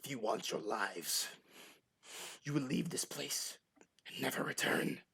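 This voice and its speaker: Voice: medium pitch, unhurried, creaky, fairly bright tone, breathy edge, pitched below the performer's own voice, full character voice. A game master voicing the cold, threatening female leader of a serpent people in a tabletop game. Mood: menacing.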